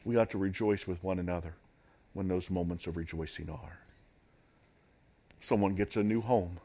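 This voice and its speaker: A man's voice: sits low, moderate pace, mellow. A man preaching a sermon as pastor, in an emphatic, repetitive preaching cadence.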